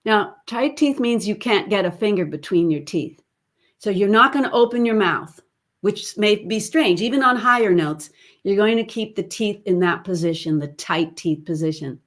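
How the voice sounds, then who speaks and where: A woman's voice: mid-range voice, expressive, normal speed. A woman voice teacher giving an online webinar lesson over a computer mic, chatty and explaining as she goes. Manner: chatty, demonstrates sounds and sung snippets mid-explanation.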